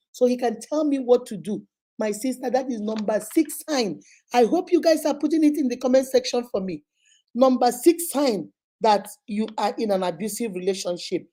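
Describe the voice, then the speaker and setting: Nigerian woman, relationship advice host, emphatic, repetitive, warm higher voice. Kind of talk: motivational talk to viewers.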